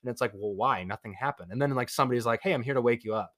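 A young man casually telling a story to a friend, rambling with many fillers and acting out quotes in an animated way. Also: mid-range voice, very fast. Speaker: podcast co-host.

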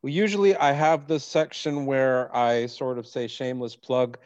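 A man's voice: medium pitch, fairly even intonation, normal speed, darkish tone. A man hosting a podcast interview, jokey and prone to stammering restarts. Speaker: podcast host. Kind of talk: casual interview chat. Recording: dull lo-fi sound.

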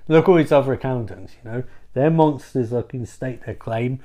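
A blunt, scolding female monster mentor, put on by a man in a slightly low, quieter voice. She lectures without much patience. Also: a little fast, lightly acted. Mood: lecturing.

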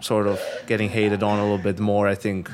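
A man's voice: on the low side, monotone, fairly quick, noisy background. A man co-hosting a podcast, talking at length in a self-deprecating way with swearing. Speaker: podcast co-host. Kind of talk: casual chat.

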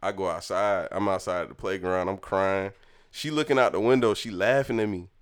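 A man's voice: deep voice, a little fast, clear, resonant tone. A young man, casually telling stories from his childhood, laughing often and acting out quotes. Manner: laid-back, laughs often, acts out quotes. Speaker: podcast storyteller. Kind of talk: casual storytelling.

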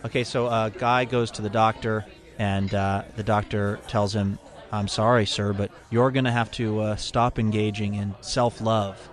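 A man telling a joke hesitantly, with "uh" pauses. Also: lowish voice, level tone.

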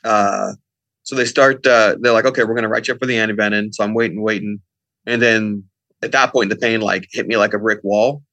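A man's voice: fairly low pitch, fairly even intonation, a little fast, sharp tone, dry recording. A middle-aged man telling a long story in a casual podcast chat, rambling with many fillers and acted-out quotes. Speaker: podcast guest.

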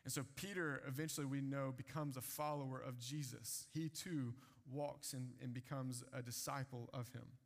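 A man's voice: medium pitch, steady tone, moderate pace, creaky, hardly any pauses. Guy preaching, retells the bible in plain everyday talk, voice rings out in a big hall. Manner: casual retelling of scripture in everyday speech. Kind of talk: sermon. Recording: long hall reverb.

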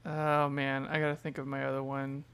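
A man's voice: medium pitch, completely flat delivery, moderate pace, fairly bright tone, slight background noise. A man in a casual podcast chat, talking loosely with lots of fillers and swearing. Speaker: podcast co-host.

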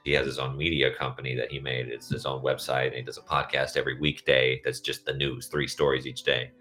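A young American man with a very low voice talks his way through loose tangents on a casual podcast. His jokes land deadpan. Faint music sits under the talk. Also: brisk. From United States. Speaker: podcast host.

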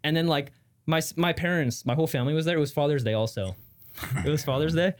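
A man co-hosting a podcast, telling a story in a casual, animated way, acting out the quotes and swearing a lot. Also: fairly high pitch, fast talker. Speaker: podcast co-host.

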